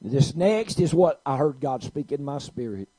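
A man preaching a sermon, telling a story and swinging from quiet to loud. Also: mid-range voice, moderate pace, husky, no room sound, poor audio.

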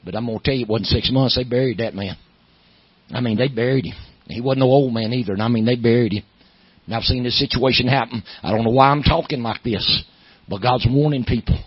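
A middle-aged man with a Southern accent, a pastor preaching a sermon, moving from low storytelling to loud, emphatic preaching. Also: brisk, breathy edge, no echo, lo-fi sound.

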